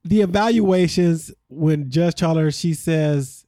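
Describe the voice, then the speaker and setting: A man's voice: fairly high pitch, slow, dark tone, no room sound, studio quality. A man hosting a podcast, recapping a reality show in casual chat and acting out what people said.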